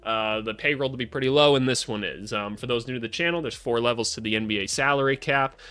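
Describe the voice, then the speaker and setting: A young adult man talking through basketball in a casual vlog. He is blunt and sarcastic and throws in swearing, with a voice of ordinary pitch. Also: fast, sharp tone, clean tone. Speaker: basketball analyst, channel host.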